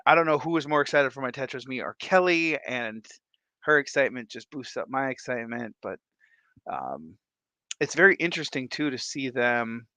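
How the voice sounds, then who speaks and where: A man hosting a casual livestream, excitable and laughing often as he greets viewers by name. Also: on the high side, dry recording, highs cut off. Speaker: livestream host.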